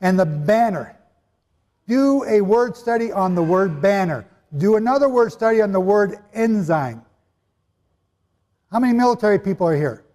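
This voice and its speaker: A man's voice: high voice, lively intonation, normal speed, a little mellow. A man teaching the Bible to a live audience in a hall, emphatic, with rhetorical questions and joking asides. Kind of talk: sermon-style lecture to a live audience. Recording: echoey hall with long reverb.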